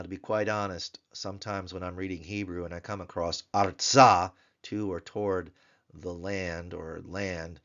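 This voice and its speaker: A man teaching a grammar lesson, patiently repeating each word slowly so learners can follow. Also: sits low, highs cut off. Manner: patient, repeats words slowly for pronunciation drill. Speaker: Biblical Hebrew tutor.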